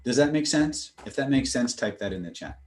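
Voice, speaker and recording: An instructor with an expressive, a little mellow mid-range voice teaches a live online class at a fairly quick pace. He explains with casual asides, demonstrates phrases by shifting tone and tempo, and keeps checking in with a conversational "right?"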